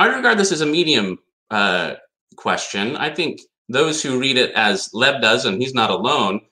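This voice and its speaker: Male lecturer, bright tense tone, emphatic, keeps throwing rhetorical questions at the room. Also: medium pitch. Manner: reads statute passages aloud. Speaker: conference speaker on law. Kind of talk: academic lecture.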